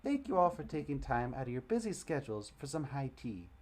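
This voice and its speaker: A man voicing a pair of prim little twin girls hosting a tea party in a game, with a high, prissy, posh manner. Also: sing-song, a little fast, a little mellow, slight background noise, natural voice.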